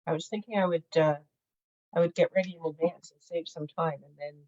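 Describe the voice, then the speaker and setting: A middle-aged woman demonstrating a craft project in casual chat, laughing often and filling pauses with "uh.". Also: on the low side, steady tone, darkish tone, muffled recording. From Canada. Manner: chatty, laughs often, many fillers. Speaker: craft instructor.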